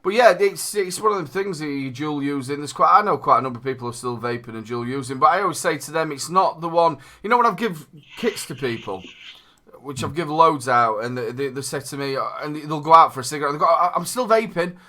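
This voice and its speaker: A man's voice: on the high side, quick pace, pushed and bright. A man with a Northern English accent hosting a casual vape chat show, talking chattily with repeated words. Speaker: podcast host.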